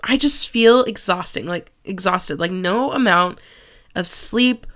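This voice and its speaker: A woman's voice: medium pitch, unhurried, a bit bright. Candid, swearing young woman podcast host. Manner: frank and confessional, swears casually, frequent "like" fillers. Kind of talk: candid solo podcast monologue.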